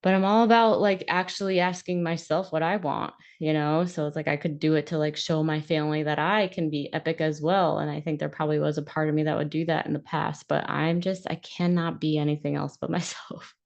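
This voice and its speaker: A woman's voice: low voice, flat delivery, brisk, creaky, few pauses, darkish tone, dull audio. A woman hosting a podcast, talking casually and frankly in a rambling, self-reflective way that is often broken up by laughter. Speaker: podcast host and coach. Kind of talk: casual monologue.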